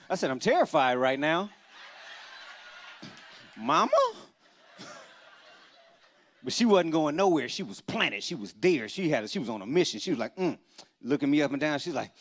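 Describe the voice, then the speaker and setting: An animated male stand-up comedian, working a live audience from a church stage. His voice sits a little high for a man, and he tells punchy stories that break into loud bursts. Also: fairly quick.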